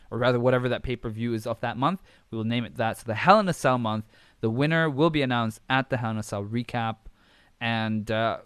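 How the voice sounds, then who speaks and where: Man, podcast host, casual solo talk, rambling, swears a lot, mid-pitched voice, dry close recording. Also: fairly bright tone, no echo. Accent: switches between accents. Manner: rambling, swears freely, self-correcting.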